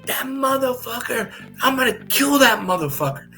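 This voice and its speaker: A man acting out an enraged man yelling about an intruder in his room, cursing and shouting as he retells a story. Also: very high voice, animated, normal speed, faint music behind, pitched above the performer's own voice, full character voice. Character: furious naked man yelling about a break-in.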